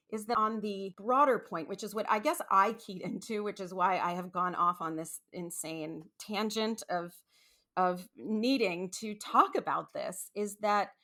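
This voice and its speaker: A woman hosting a podcast, talking casually in a rambling, animated way with many asides and restarts. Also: mid-range voice. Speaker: podcast host. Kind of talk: casual solo podcast monologue.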